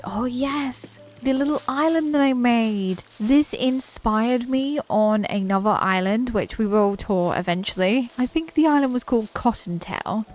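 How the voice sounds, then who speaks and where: A woman from the UK with a British accent, giving a chatty, enthusiastic commentary as she tours a game island, laughing often. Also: medium pitch. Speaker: gaming channel host. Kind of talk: casual game tour commentary.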